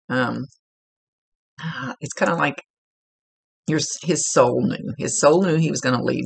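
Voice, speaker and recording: A chatty male psychic medium with a medium-pitched, slightly rough voice and vocal fry delivers a relaxed, conversational reading. He laughs easily and often corrects himself mid-sentence.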